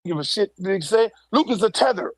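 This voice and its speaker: A man's voice: high-pitched, animated, fairly quick, dry recording. A man in a played clip delivering a heated, profane political rant full of rhetorical questions.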